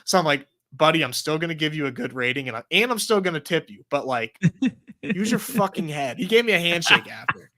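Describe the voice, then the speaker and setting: A man from Texas co-hosts a casual chat and tells a rambling story. His pitch swings widely as he acts out the people in it. He drops in swearing and lots of fillers. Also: fairly quick. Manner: animated storyteller, swears, many likes and restarts. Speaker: podcast co-host.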